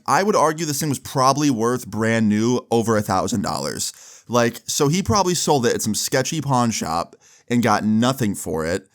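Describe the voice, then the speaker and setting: A young man casually telling a long personal story, slangy and animated, acting out both sides of phone calls. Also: mid-range voice.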